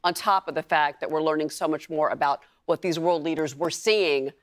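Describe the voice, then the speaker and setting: A woman's voice: low voice, moderate pace, no echo. A woman commentator on a TV news panel, giving earnest, concerned analysis.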